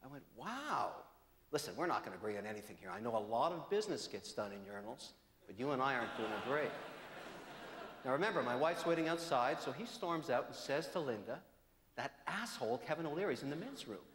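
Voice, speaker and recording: A man hosting a live comedy festival on stage, telling stories in an animated way. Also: medium pitch, fast, background noise. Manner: animated storytelling. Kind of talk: stand-up hosting. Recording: echoey hall with reverb.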